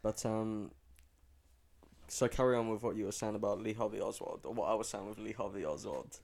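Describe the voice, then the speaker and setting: A man's voice: lowish voice, a little fast, gravelly, darkish tone. A young man co-hosting a casual podcast, laid-back and crude, swearing freely. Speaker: podcast co-host. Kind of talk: casual joking podcast chat.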